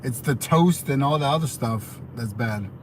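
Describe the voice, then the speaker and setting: A man's voice: medium pitch, moderate pace, slight background noise. A young American man chatting casually on a livestream, answering viewer questions in a rambling way full of fillers and restarts. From United States. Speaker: livestream host.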